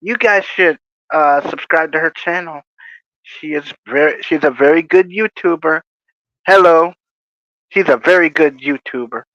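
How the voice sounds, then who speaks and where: A man's voice: a little high, unhurried, pushed and bright, no echo. A man hosting a casual livestream, rambling through jokey stories with chuckles. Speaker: livestream host. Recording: dry, muffled lo-fi audio.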